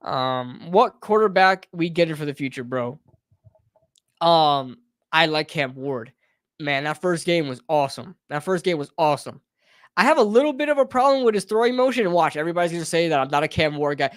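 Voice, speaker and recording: This male host of a live sports talk stream has a slightly high, expressive voice and talks a little fast, ranting heatedly and often addressing listeners as bro and brother. The sound is clean studio quality with no echo, and the talk is a live fan rant.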